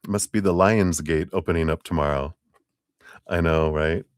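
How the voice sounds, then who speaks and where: A man giving a live-stream tarot reading, chatty and easygoing, chuckling often and clearing his throat between remarks. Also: low voice, fairly even intonation, unhurried, dry recording, clean studio sound. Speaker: tarot reader.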